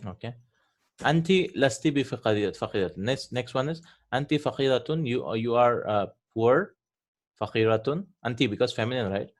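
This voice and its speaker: A man at a middle pitch walks students through grammar, pausing with "right?" and "hmm?" after each point. He is patient and methodical, repeating forms slowly so they sink in. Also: expressive. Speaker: Arabic grammar teacher.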